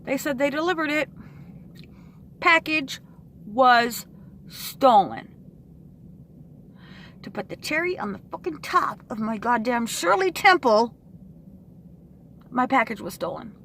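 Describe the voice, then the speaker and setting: Exasperated high-voiced woman venting to camera. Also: animated, fairly bright tone, slight background noise. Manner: frustrated, swearing, with sighs and pauses. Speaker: vlogger.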